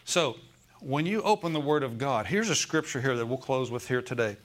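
A man's voice: mid-range voice, expressive, a little fast. A man preaching a sermon to his congregation, emphatic and repeating key phrases, asking the room if they follow. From United States. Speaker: pastor. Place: church sanctuary with congregation.

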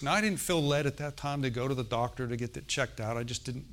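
A man's voice: medium pitch, fast, fairly bright tone. Conversational preaching man. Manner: conversational preaching with frequent "okay?" and "amen". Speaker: pastor. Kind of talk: sermon.

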